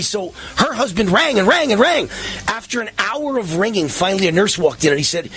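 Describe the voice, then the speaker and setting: A man's voice: high-pitched, a little fast, husky. A man hosting a talk radio show, ranting with indignation and acting out little scenes as he talks. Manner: animated and indignant, acts out scenes.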